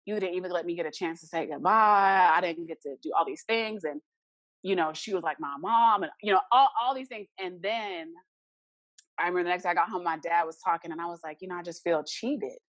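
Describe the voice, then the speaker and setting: A woman's voice: on the low side, fairly quick, a bit bright, dry recording. A young adult woman, a podcast guest, earnestly telling a personal story and acting out the remembered dialogue.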